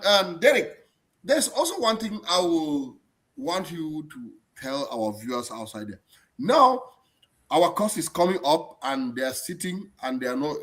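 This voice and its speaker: Guy hosting a live stream, bright voice, bouncy pitch, keeps restarting his sentences. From abroad, not German-born. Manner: animated, repeats words and restarts often. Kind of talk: casual live-stream chat.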